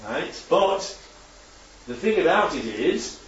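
A man's voice: a little high, big pitch swings, slow, fairly bright tone, slight background noise. A man preaching a chatty sermon with slides to his congregation, constantly checking in with tag questions. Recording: echoey hall, distant dull mic.

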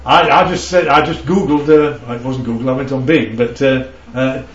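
A man's voice: medium pitch, steady tone, moderate pace. A man preaching a conversational Bible teaching, often checking in with his listeners. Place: church hall. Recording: dull, echoey hall from far off.

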